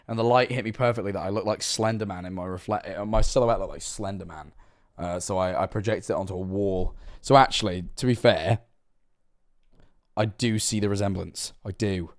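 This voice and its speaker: A young man streaming reaction commentary, casual and sweary, breaking into loud excited outbursts. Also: low-pitched.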